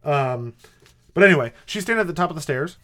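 A man's voice: on the high side, lively intonation, fast talker, pushed and bright. A man co-hosting a podcast in casual chat, rambling and hesitant with wry asides. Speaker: podcast co-host.

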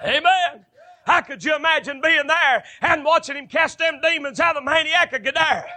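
A man preaching a fervent sermon, building to shouted bursts. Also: extremely high pitch, normal speed.

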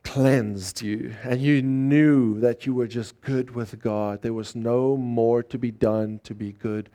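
A man's voice: medium pitch, steady tone, takes it slowly, warm tone. A man preaching a sermon, earnest and emphatic, leading call-and-response in a church service. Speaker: pastor.

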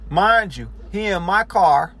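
High-voiced, animated man. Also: slow pace. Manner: animated, profanity-heavy storytelling. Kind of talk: casual storytelling.

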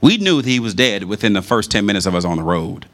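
A man preaching a sermon in a conversational, animated storytelling manner. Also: fairly low pitch, fast.

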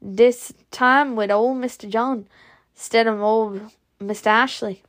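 A woman's voice: a little high, steady tone, slow. A woman voicing an earnest young male servant who answers politely and respectfully.

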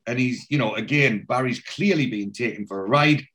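A man hosts a podcast and walks through a TV episode scene by scene in a loose, rambling way. He keeps circling back with "you know" and self-corrections. His voice is mid-pitched and ordinary. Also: fairly quick, fairly bright tone. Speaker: podcast host. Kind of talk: casual TV episode recap.

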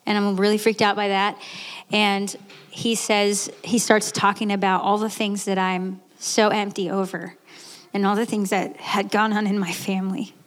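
A woman in her late thirties giving a candid, earnest personal testimony, with restarts and quick laughs. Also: mid-range voice, flat delivery. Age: 30s. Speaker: guest speaker. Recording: echoey hall.

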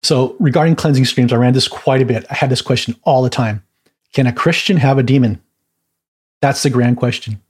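A man's voice: medium pitch, fairly quick, a little mellow, slightly rough. A man teaching a Bible class in a chatty, informal way, laughing at his own stories and adding many asides.

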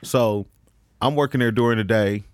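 A man's voice: fairly low pitch, moderate pace, smooth, no room sound. Guy rambling thru a crude story on a podcast, laughing a lot, super dry mic. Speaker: comedian.

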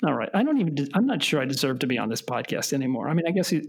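Husky wry middle-aged podcast host. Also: male voice, medium pitch, sing-song. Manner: halting, self-correcting, wry. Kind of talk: casual podcast chat.

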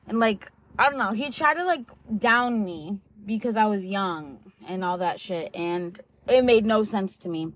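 A vlogger in her twenties tells a personal story in a medium-pitched, fairly bright voice at a slightly slow pace. She's candid and blunt, swears freely, piles on "like" and "um," and acts out quoted dialogue, all in dull lo-fi audio.

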